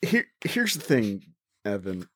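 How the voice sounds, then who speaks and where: A man's voice: fairly low pitch, huge pitch swings, takes it slowly, slightly rough, no echo, studio quality. A man co-hosting a casual movie review chat, opinionated and emphatic, often restarting his phrases. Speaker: podcast co-host.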